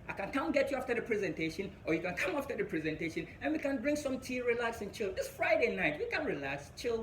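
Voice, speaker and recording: A young Ghanaian man doing stand-up storytelling, animated and laughing at his own story. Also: high voice, echoey room, a little hiss or hum, low-quality recording. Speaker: stand-up comedian.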